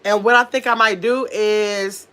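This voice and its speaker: A woman's voice: medium pitch, steady tone, measured pace, fairly bright tone. A woman hosting a casual home livestream, chatting with viewers and reading out their comments. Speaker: livestream host. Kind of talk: casual live chat with viewers. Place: at home in pajamas.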